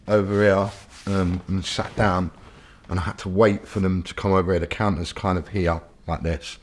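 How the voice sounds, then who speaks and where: A low-pitched British man recounts his past in a relaxed, chatty way. He keeps checking in with quick asides and scatters fillers through his talk as the story rolls on. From Britain. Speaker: interview guest telling his own story. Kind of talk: casual storytelling.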